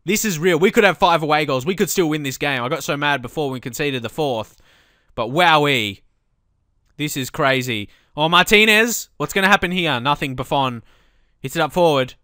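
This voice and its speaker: A man commentating on his own football management game, calmly explaining tactics and then shouting when goals go in. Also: on the high side, moderate pace, no echo, studio quality. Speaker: let's play host.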